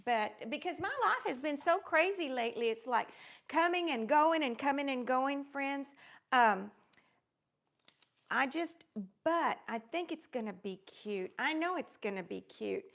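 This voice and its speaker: A woman chats her way through a crafting livestream, warmly rambling and greeting viewers one by one. Her voice sits high, with a gravelly, creaky edge running through it. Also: expressive, a little slow. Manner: gushing, greets viewers by name; rambling with many fillers. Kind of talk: casual live-stream chat.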